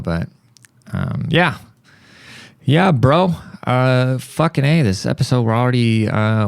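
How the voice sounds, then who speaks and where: Young dude podcasting, swears a lot, rambles, dry close mic, kinda gravelly. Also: male voice, lowish voice, no room sound. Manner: rambling, profane, animated storytelling. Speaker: podcast host. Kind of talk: casual monologue.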